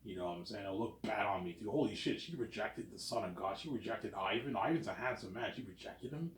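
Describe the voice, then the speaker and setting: This thirty-ish male vlogger has a voice on the low side and talks fairly quickly over slight background noise. Casual and sure of himself, he rambles on, adding "obviously" and "man" as he goes, in a room with noticeable echo.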